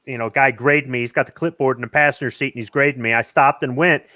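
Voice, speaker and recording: A man's voice: mid-range voice, fast talker, no room sound. Nc guy telling a story, laid back, mid voice, dry sound. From North Carolina. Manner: relaxed anecdote-telling with repeated "you know". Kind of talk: casual chat.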